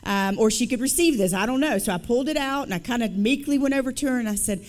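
A woman speaking at a church service, telling her testimony as an author and guest speaker in a lively, conversational, emphatic storytelling way. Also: fairly high pitch, quick pace, few pauses.

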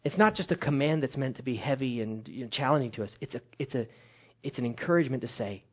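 A man preaching a sermon as pastor, swinging from loud emphatic calls to hushed, quiet lines. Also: mid-range voice, animated, fast talker, husky, highs cut off.

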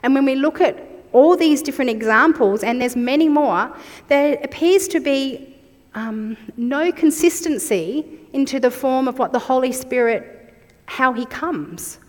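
A woman's voice: sits high, unhurried, long reverb tail. A woman in her forties preaching a sermon, reflective and personal as she shares her own story.

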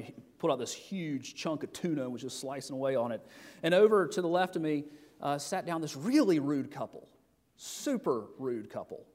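A man's voice: mid-range voice, a little mellow. A middle-aged man preaching a sermon as pastor, talking conversationally with rhetorical questions and frequent restarts. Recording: long hall reverb.

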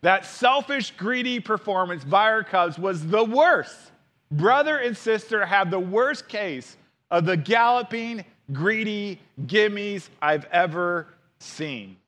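A man's voice: sits high, animated, takes it slowly, hardly any pauses, fairly bright tone, exaggerated voice. A man voicing a father bear from a storybook, blustering in outrage. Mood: outraged. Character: indulgent father bear, roaring when angry.

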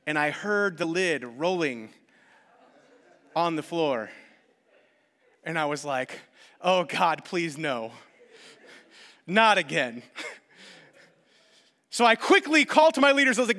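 A man preaching a sermon, telling a story with lively acted-out quotes. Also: sits high, measured pace, long pauses, big-room sound. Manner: animated storytelling, acting out quotes. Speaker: pastor.

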